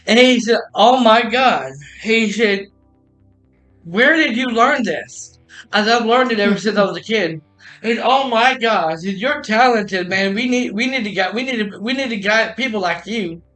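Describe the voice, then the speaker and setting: A man with a high, bright and forceful voice tells a story on a live podcast stream. He stumbles and restarts his phrases, repeating himself as he acts out quoted dialogue, with faint music playing underneath. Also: a little fast, rough recording. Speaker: podcast host telling a story. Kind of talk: casual rambling storytelling. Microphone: streaming mic.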